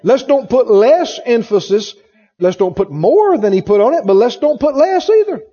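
Preacher guy, high mellow voice, punchy and repetitive, dull lo-fi tape with a long hall echo. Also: very animated, normal speed. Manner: emphatic, repeats phrases, asks the congregation questions. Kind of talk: sermon. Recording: dull lo-fi recording in a reverberant hall.

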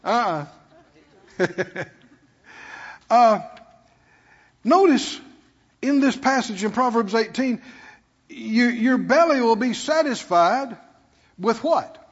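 High husky preacher in echoing hall. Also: male voice, animated, takes it slowly, long pauses, muffled recording. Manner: preaching with call-and-response rhetorical questions. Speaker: pastor. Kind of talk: sermon.

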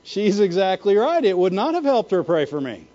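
A male pastor preaches with a high, lively voice that leaps up and down as he keeps asking the congregation for an "Amen." His tone is mellow and warm rather than sharp. The recording sounds a little dull and muffled. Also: normal speed. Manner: animated preaching, repeated "Amen?" and "Why?" to the congregation. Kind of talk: sermon.

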